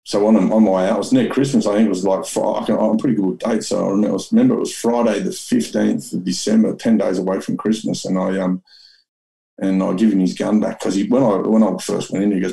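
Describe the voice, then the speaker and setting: A man's voice: deep voice, flat delivery, fast, creaky, mellow, low-quality recording. An Australian man telling his story as an interview guest, rambling and blunt with lots of restarts and swearing.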